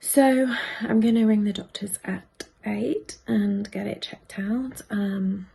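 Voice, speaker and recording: A woman's voice: medium pitch, takes it slowly, dark tone. A woman in her thirties talks to the camera for her vlog, half-whispering and worried. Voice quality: husky, gravelly. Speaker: vlogger. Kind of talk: personal vlog confiding to camera.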